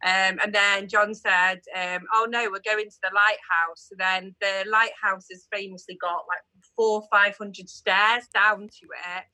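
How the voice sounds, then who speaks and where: A young woman telling a story in a lively, chatty way as a guest in a casual conversation. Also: medium pitch, unhurried, few pauses, dry recording. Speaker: guest, engaged partner. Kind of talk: casual chat.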